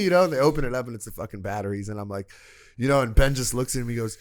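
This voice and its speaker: A man from Canada, a podcast guest, telling a profane, animated story and acting out the voices of the people in it. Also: mid-range voice, rapid-fire. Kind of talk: casual storytelling.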